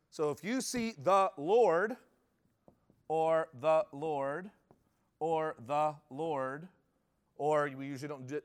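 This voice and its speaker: A male pastor teaches from the pulpit in a loose, talkative style, stopping to question his listeners and correcting himself mid-sentence. His voice sits a little higher than most men's. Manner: conversational, restarts often, asks the room questions. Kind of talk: sermon teaching.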